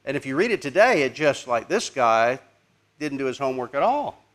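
A man teaching a congregation in a conversational, halting way, pausing to ask the audience questions. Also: medium pitch, sing-song, a bit bright. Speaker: preacher teaching apologetics.

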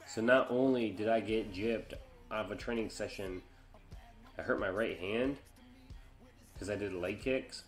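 A man's voice: lowish voice, a little slow, pauses often, faint music behind. A man casually commentating on his own gameplay, chatting along and groaning or exclaiming when things go wrong. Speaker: gamer.

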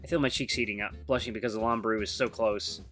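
A game streamer voicing the bewildered, flustered castaway hero of a visual novel, with high, excited exclamations. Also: fast talker, faint music behind, close to an everyday voice.

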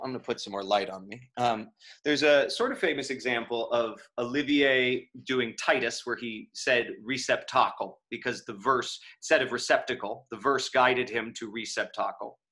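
A man giving a lecture on verse scansion, thinking aloud and reading lines slowly with stress. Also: mid-range voice, a bit bright.

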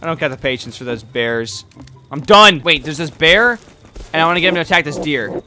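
A young man giving casual commentary while playing a video game, excitable and quick to yell and taunt the animals he fights. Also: fairly high pitch, a little hiss or hum. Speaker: gameplay commentator. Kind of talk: casual let's-play commentary.

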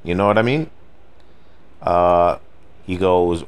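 A middle-aged man with a lowish voice tells a story in a loose, rambling rant. He swears freely and keeps dropping "you know what I mean" as he goes. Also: takes it slowly, clean tone. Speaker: gaming video host.

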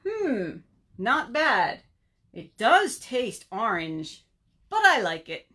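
A shrill, squawking little bird, hungry and fussy, demanding food from everyone, as a woman reads the storybook aloud. The voice sits very high and swoops up and down. He drags out his complaints slowly. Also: wildly swooping pitch, bright, forceful tone, heavily acted. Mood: grudging. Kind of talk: storybook read-aloud for children.

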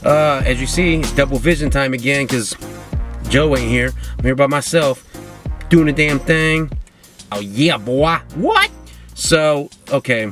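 A man's voice: mid-range voice, unhurried, fairly bright tone, faint music behind. A man hosting a podcast, ranting alone from his car, drinking and rambling with lots of swearing and jokes at his own expense. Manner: rambling, profane, self-mocking. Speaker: podcast host. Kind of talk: casual solo rant.

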